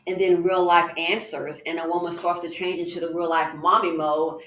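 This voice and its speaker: A woman's voice: lowish voice, moderate pace, few pauses, fairly bright tone. A woman giving reaction commentary, emphatic and indignant, with rhetorical questions. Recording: echoey room.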